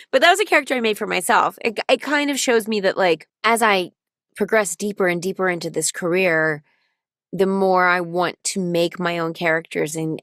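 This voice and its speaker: A woman voice actor speaking as an interview guest, telling stories in an animated, thoughtful way. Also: on the low side, dry recording, studio quality. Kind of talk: casual interview chat.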